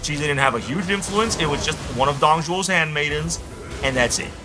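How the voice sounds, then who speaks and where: A young man streaming a game, rambling excitably as he tells stories and chats. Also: fairly high pitch, moderate pace, background noise. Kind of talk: casual gameplay chat.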